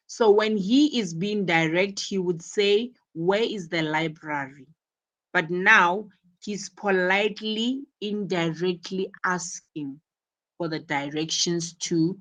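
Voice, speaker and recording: A woman's voice: on the low side, slow, fairly bright tone. A woman teaching an English lesson, explaining each point carefully and repeating words for emphasis. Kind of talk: classroom explanation.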